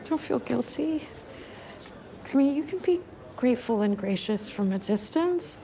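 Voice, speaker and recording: An actress playing a supportive woman on a hospital staff in a television drama, speaking gently and reassuringly. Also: fairly high pitch, animated, a little slow, vocal fry, rough recording.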